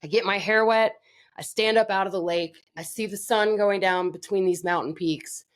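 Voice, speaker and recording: A woman's voice: mid-range voice, fairly even intonation, moderate pace. A woman from Florida, a podcast guest telling her own story in a candid, blunt and profane way, mocking herself.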